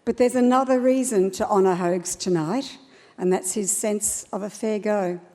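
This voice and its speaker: A woman presenting a scripted tribute at an awards ceremony in a measured manner. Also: mid-range voice, warm tone. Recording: stage speech in a reverberant hall.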